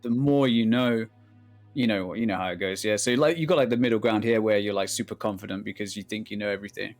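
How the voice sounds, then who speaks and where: A man with an English Midlands accent, interviewing in relaxed banter that often trails off and restarts. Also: lowish voice, quick pace, faint music behind. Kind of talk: casual interview chat.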